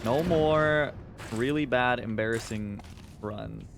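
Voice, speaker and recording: Streaming a video game live, a man with a medium-pitched voice talks slowly to his chat over background noise. His live gaming commentary is frustrated and self-deprecating, and he swears often.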